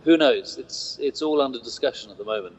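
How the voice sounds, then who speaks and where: A man's voice: medium pitch, a little fast, breathy edge. Man on a muffled, echoey line. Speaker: guest musician. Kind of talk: casual interview chat.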